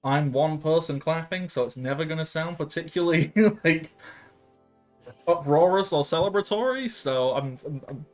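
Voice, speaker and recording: This game master, a man in his late twenties with a fairly high voice, talks at a normal speed while running a casual tabletop session. His narration wanders, full of filler sounds and frequent laughter, over faint background music.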